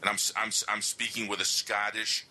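A man's voice: on the low side, monotone, fairly quick, bright, forceful tone, slight background noise, poor audio. A man who served in the Navy, telling stories as a podcast guest in casual chat.

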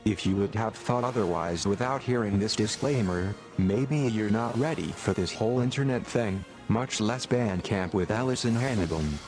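Robotic man, low voice, scripted disclaimer, music playing loud behind. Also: normal speed, few pauses. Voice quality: robotic synthesized voice. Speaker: disclaimer announcer. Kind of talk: scripted announcement.

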